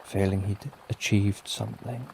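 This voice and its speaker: A middle-aged British man narrating a bedtime story for sleep, gentle and lulling with plenty of repetition. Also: fairly low pitch, fairly even intonation, unhurried, creaky, a little hiss or hum. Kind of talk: slow soothing bedtime storytelling. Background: soft rain.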